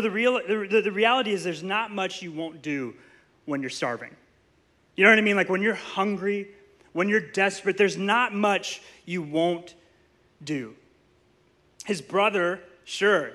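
A man, preaching a sermon in a church with animated storytelling and playful asides to the congregation. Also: high voice, a little slow. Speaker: pastor. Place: church sanctuary.

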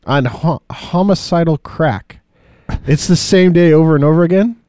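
Male podcast host, movie reviews, chatty with easy laughs, mellow tone, dry mic. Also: on the high side, moderate pace, smooth, dry recording. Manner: chatty, laughs often, rambling asides. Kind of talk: casual podcast chat.

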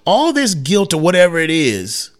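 A man's voice: high voice, wildly swooping pitch, normal speed. Fired-up man ranting on sports radio. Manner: heated, rambling, slangy rants full of acted asides. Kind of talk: opinionated sports talk.

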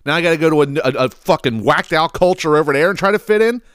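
A man hosting a podcast, telling a personal story in a casual, profane, animated way, laughing often and restarting his sentences. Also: on the high side, fast, clean tone, no echo, studio quality. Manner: many fillers and restarts. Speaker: podcast host.

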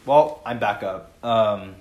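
A man's voice: fairly low pitch, takes it slowly, darkish tone, roomy sound, muffled recording. A young man co-hosting a podcast, chatting casually in a crude, joking way with mumbled asides. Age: young adult. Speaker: podcast co-host. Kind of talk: casual chat.

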